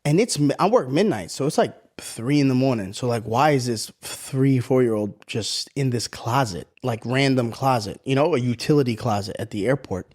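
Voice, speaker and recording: A man's voice: mid-range voice, lively intonation, normal speed, few pauses, a little mellow. A man in his thirties co-hosting a podcast, telling a story in casual chat, acting out voices and swearing freely. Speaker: podcast co-host.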